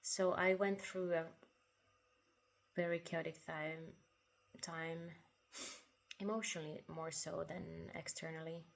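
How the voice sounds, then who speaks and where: Slow, soft-spoken reflective woman. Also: deep voice, level tone. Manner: soft and unhurried, with long pauses, occasional breathy half-whispers and quiet laughs. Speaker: writer sharing spiritual reflections.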